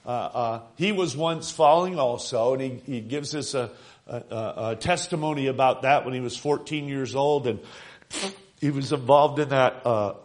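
A man preaching a sermon, earnest and emphatic, stretching key phrases and pausing with fillers between thoughts. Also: medium pitch.

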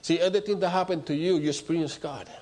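A man preaching a sermon in a fairly high voice. He drives his points home by repeating them and pushes into loud, emphatic bursts. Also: fast. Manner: emphatic, repetitive preaching with rising outbursts.

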